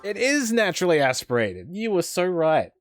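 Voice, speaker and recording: A man's voice: high-pitched, very animated, normal speed, soft background music. Chatty Australian man streaming a game. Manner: rambling, chatty, answers chat while playing. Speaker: live streamer. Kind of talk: casual gaming stream chat.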